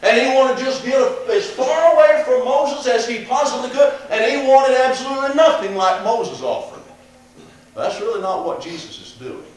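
Male preacher with a high voice, emphatic sermon delivery, recorded from across a very echoey church with a faint hum. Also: distant mic. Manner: emphatic, rising when quoting, trailing off at ends of verse citations.

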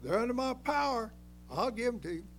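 A preacher putting on a loud coaxing Satan. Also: male voice, very high voice, big pitch swings, fairly quick, slight background noise, pitched above the performer's own voice, exaggerated voice. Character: scheming tempter devil, male, coaxing.

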